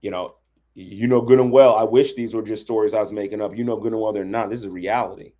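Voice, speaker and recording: A relationship coach speaks quickly in a low, mellow voice with fairly even intonation. On his livestream he teaches boundaries in a conversational way, repeatedly asking "right?".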